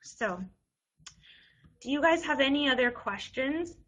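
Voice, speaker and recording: A woman's voice: sits high, animated, unhurried, fairly bright tone, rough recording. A young woman advising students on college essays in a casual, chatty way, full of "like" and restarts. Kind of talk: casual webinar advice.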